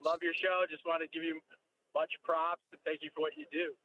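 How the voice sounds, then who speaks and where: A man's voice: on the high side, little pitch movement, a little fast, a little hiss or hum. A man calling into a radio talk show, friendly and casual in manner. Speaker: caller, political candidate. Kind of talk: call-in radio chat. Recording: dull lo-fi phone audio.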